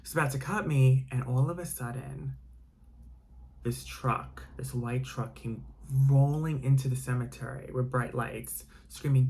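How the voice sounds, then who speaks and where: A man's voice: medium pitch, unhurried, darkish tone, breathy edge. Young man telling a dramatic story. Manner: emotional, heavy use of "like" fillers.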